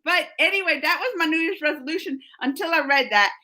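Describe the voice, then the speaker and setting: A woman's voice: sits high, quick pace. A middle-aged woman hosting a casual live stream, chatting with viewers and telling stories with frequent laughs. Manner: chatty, animated storytelling with laughs. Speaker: live-stream host reading chat.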